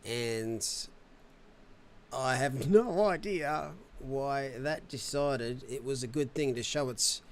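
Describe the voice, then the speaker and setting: Here a man runs a sim racing live show, his medium-pitched voice moving slowly. The mood stays upbeat and playful, peppered with casual slang.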